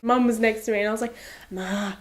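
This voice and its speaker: A woman's voice: on the high side, level tone, very fast. A young Australian woman with an Australian accent, telling a story in a casual, self-deprecating vlog and laughing often. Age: young adult. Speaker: vlogger.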